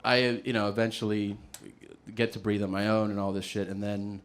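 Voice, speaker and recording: A man telling a stand-up story in an animated, profane way, laughing through it. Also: lowish voice, moderate pace. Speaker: stand-up comedian.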